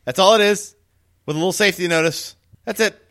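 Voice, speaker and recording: A man co-hosting a casual movie podcast, telling animated, jokey stories. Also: high-pitched, fast talker. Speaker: podcast co-host. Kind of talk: casual chat about a movie.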